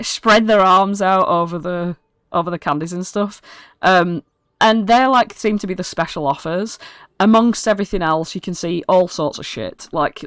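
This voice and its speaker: A woman's voice: lowish voice, fairly bright tone, clear, resonant tone, no room sound. A British woman narrating a tabletop game as dungeon master in a casual, rambling, sweary way.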